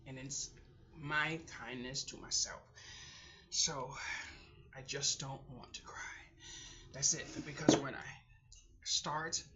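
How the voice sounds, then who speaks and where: A middle-aged woman talks to herself in a video diary, slow and halting, often sinking toward a whisper as she fights back tears. Her voice has a bright edge. The audio is dull and lo-fi, with a faint hum of room noise behind her. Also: low-pitched. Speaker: vlogger.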